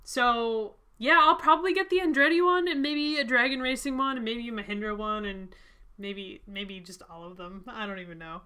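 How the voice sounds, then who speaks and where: A woman's voice: on the high side, moderate pace, sharp tone, clean tone. Chatty, enthusiastic woman podcast co-host. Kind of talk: casual podcast chat.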